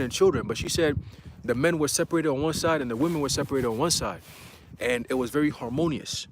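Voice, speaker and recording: Young man with a raised pitch, giving a slangy, animated church testimony; noisy, clicky recording. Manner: casual slang, excited, quotes others in dialogue.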